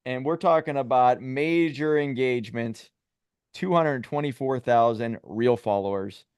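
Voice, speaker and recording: A man hosting a podcast interview, speaking in a friendly, upbeat way. His voice is smooth and clear, with a dry sound and no room echo. He sounds like he is on a video call. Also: mid-range voice, unhurried, a little mellow. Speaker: podcast host. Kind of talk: casual interview.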